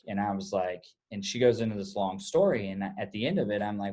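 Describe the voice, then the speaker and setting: Man, middle-aged, low voice, podcast guest, animated storyteller, rambling restarts. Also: brisk, hardly any pauses. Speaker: podcast guest, roofing company owner. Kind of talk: casual storytelling.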